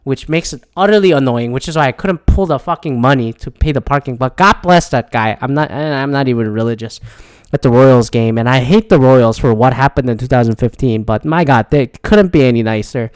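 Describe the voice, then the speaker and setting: A man's voice: medium pitch, brisk, smooth, no echo. A man ranting casually, swearing often and rambling with frequent restarts and repeated words. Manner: profane, frustrated, rambling with restarts. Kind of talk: casual rant.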